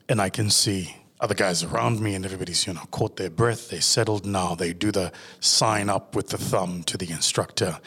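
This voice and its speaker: Husky-voiced man telling a story, native isiZulu speaker. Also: low voice, fairly bright tone. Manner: vivid, self-mocking, acts out his inner voice. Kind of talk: storytelling monologue.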